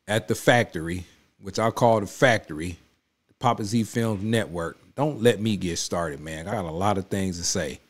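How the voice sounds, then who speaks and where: A man hosting a reaction video, commenting on a political speech in a casual, emphatic, repetitive way and talking straight back at the clip. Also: on the low side. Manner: emphatic, repetitive, conversational street talk; addresses the clip directly with rising heat. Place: home studio.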